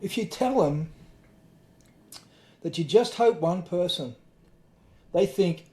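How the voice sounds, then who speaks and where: A man's voice: sits high, animated, takes it slowly, dark tone, reverberant. A man with an Australian accent, a podcast guest talking candidly in an earnest, emphatic and blunt way, now and then swearing. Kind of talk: candid conversation.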